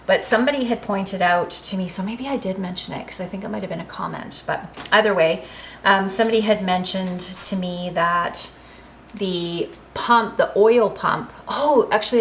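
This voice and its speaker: A woman's voice: fairly low pitch, a bit bright, slight background noise, low-quality recording. A woman with a Canadian accent, chatting casually in a home garden and kitchen vlog, rambling and correcting herself as she goes. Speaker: homesteading vlogger.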